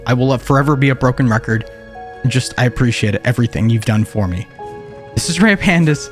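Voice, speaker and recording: A man hosting a gaming video, with goofy, excitable let's-play commentary. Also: medium pitch, fairly quick, faint music behind. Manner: goofy, excitable, big emotional swings. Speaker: gaming YouTuber.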